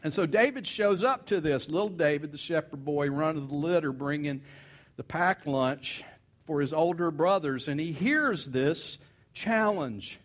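A man's voice: a little high, unhurried. A man preaching a sermon, retelling a story with folksy asides and acting out the characters' voices. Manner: animated, acts out characters' voices.

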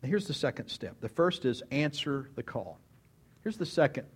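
Animated male preacher telling stories. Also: medium pitch, moderate pace, husky. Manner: animated storytelling, rhetorical questions, acts out quotes. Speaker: pastor. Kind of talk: sermon.

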